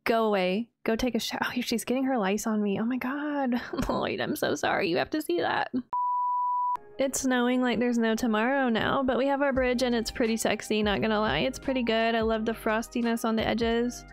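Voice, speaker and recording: A woman's voice: a little high, normal speed. A young woman chatting casually and sarcastically while playing a game, laughing often and mocking herself. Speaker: gaming video creator. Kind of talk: casual gameplay commentary.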